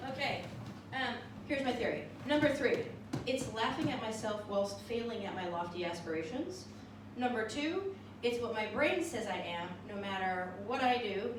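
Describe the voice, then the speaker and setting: A woman's voice: mid-range voice, background noise. A woman doing a cabaret show, chatting to a small live audience between songs with wry, self-mocking humor. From California. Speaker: cabaret comedian. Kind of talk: cabaret show, singing and stand-up. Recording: distant echoey live room with music.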